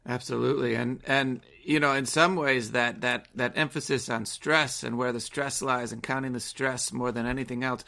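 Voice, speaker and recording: A man's voice: medium pitch, steady tone, moderate pace, creaky, hardly any pauses, pushed and bright. A man co-hosting a podcast, discussing a poem in a reflective way and often restarting his phrases. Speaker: podcast co-host. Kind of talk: casual poetry discussion.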